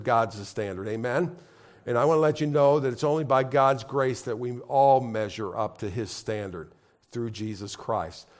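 A male pastor delivers a sermon in a mid-pitched voice. He repeats his points and keeps calling on the congregation to answer back. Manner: repetitive call-and-response preaching. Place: congregation in a room.

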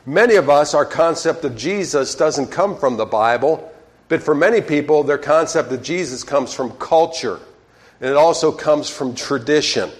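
A man's voice: on the high side, moderate pace. A pastor delivers his sermon in a somewhat raised voice. He tells stories with energy and keeps asking the congregation questions, often tagging on "okay?". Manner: lively storytelling, asks the crowd questions, frequent "okay?". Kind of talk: sermon with a told joke.

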